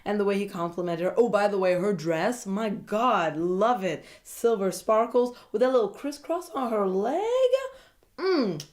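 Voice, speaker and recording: A woman recapping a reality dating show in a casual, chatty way, animated and gossipy, often breaking into giggles. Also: medium pitch, unhurried.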